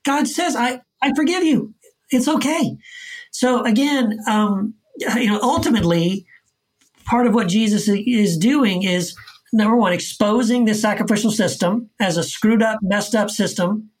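A man's voice: sits high, moderate pace. Guy on a podcast interview, earnest, keeps repeating stuff to drive a point home. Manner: earnest, repetitive emphatic explaining. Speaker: author guest. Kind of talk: casual conversational interview. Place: Texas.

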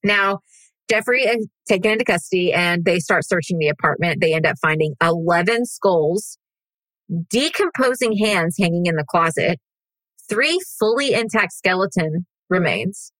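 A woman with a lower voice tells a true-crime story in a casual, blunt way, swearing freely and getting animated. The sound is dry and close, with no room around it. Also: normal speed, no room sound, low-quality recording. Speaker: podcast host.

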